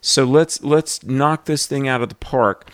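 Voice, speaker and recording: A man's voice: medium pitch, a little slow, dry recording. Earnest male radio host, dry studio. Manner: earnest, storytelling, rallying. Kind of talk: fundraising appeal on radio.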